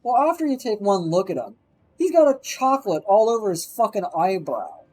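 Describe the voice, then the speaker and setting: A man with a high-sitting voice talks fairly quickly on a rough recording. He rambles through an anecdote on a stream, swearing nonstop and animating it with quoted voices in a casual, profane storytelling style.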